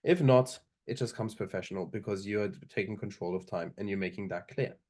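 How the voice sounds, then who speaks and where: A man's voice: lowish voice, darkish tone. Man lecturing with many ums. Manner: loose, filler-heavy delivery, slowing down to demonstrate. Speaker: lecturer on oral advocacy. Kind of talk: online seminar lecture.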